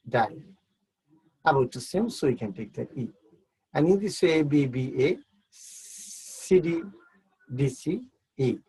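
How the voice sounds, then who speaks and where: A man's voice: fairly high pitch, darkish tone, husky, low-quality recording. A man teaching an online English literature class, explaining step by step and repeating words as he counts syllables.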